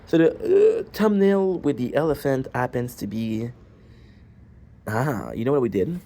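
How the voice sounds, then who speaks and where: A man's voice: mid-range voice, expressive, a little slow, mellow. A man streaming and chatting casually, rambling and asking his chat rhetorical questions. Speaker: gaming streamer.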